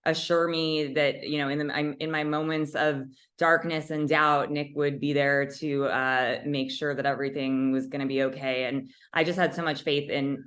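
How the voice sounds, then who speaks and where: A woman's voice: a bass voice, a bit bright. A woman, an executive producer, speaking in an interview and acting out her own past thoughts as she tells a story. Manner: talkative, acts out her own thoughts in quotes. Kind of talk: video call interview.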